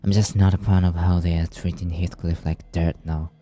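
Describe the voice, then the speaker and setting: A man's voice: sits low, little pitch movement, moderate pace, dark tone, faint music behind. A man streaming a game, reading its dialogue aloud with playful asides. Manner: reads lines aloud with playful asides and frequent laughter.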